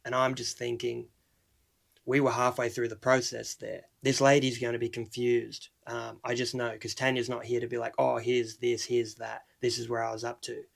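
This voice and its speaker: Young Aussie vlogger, gravelly, mid-pitched, animated storyteller, faint music bed. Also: male voice, normal speed. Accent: Australian. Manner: animated, retells dialogue in quotes. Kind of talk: casual storytelling vlog.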